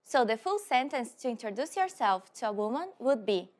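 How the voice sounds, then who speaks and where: A woman hosting a scripted language lesson. She sounds upbeat and slows down to repeat phrases for the learner. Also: on the high side, sing-song.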